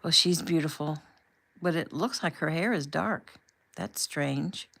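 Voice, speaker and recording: Woman voicing a soft-spoken young soldier. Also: low voice, a little slow, vocal fry, full character voice. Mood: warm. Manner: soft, quiet, affectionate. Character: young man, soldier on deployment, tender.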